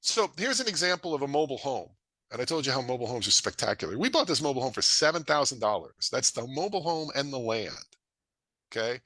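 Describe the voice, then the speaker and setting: Lively, bright-voiced man. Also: quick pace, dry recording. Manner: energetic, folksy, acts out dialogue with rising pitch. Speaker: real estate investor presenting a webinar. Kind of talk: animated presentation to an audience.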